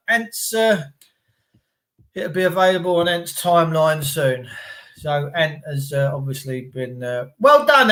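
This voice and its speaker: A man's voice: high-pitched, poor audio. A middle-aged man, ranting to viewers on a live stream in an emphatic, repetitive way. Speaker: livestreamer. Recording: loud background noise.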